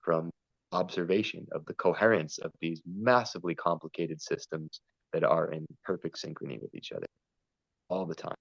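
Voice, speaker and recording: A man's voice: sits low, moderate pace, creaky, husky, dry recording, lo-fi sound. A man talking earnestly and at length in a spiritual conversation, wandering between ideas and stories. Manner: meandering, earnest, storytelling. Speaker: podcast guest.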